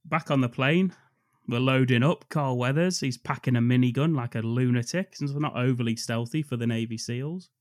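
A man's voice: medium pitch, moderate pace, dry recording. Man, podcast co-host, jokey recap, mid-range voice, dry sound. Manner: jokey, laughs often, recaps scenes. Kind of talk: casual chat.

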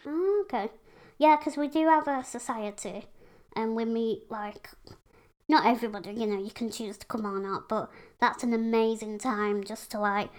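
A chatty woman from England, speaking openly as a podcast guest. Her voice sits a little high, and her talk is loose and full of fillers. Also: moderate pace. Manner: chatty, frank, lots of fillers. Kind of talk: casual conversation.

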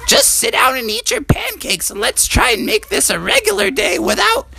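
A man voicing an exasperated mother frog in a bedtime story, scolding loudly in a very high voice. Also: huge pitch swings, normal speed, vocal fry, heavily acted. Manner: exasperated, shouting.

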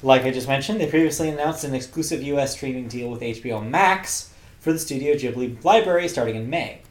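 A man's voice: mid-range voice, fairly quick. Chatty man in an echoey room. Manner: chatty, upbeat, laughs easily, frequent fillers. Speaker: podcast host. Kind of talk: casual movie podcast chat.

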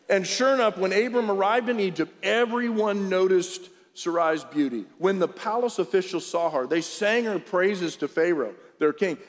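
A man preaching a conversational sermon to his congregation in a church service, mixing scripture reading with jokes. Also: sits high. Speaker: pastor. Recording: long church-hall reverb.

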